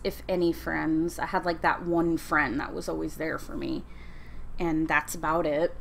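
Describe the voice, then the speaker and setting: A woman's voice: fairly low pitch, creaky, slight background noise. A woman in her thirties chatting casually while doing her makeup, rambling with fillers, with a slight lisp. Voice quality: slight lisp from a sore tongue. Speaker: beauty vlogger. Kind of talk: casual get-ready-with-me chat.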